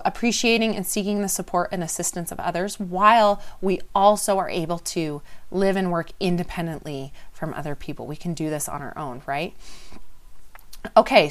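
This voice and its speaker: A woman teaching an informal lesson in a conversational way, explaining by example, checking in with the listener and often restarting her phrases. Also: lowish voice. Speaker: wellness teacher.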